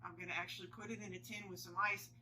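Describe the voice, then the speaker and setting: A woman's voice: lowish voice, level tone, racing, pushed and bright, recorded from a distance, slight background noise, rough recording. A woman chatting casually to camera as she picks ingredients for a drink, rambling with many fillers and restarts. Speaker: home cocktail vlogger.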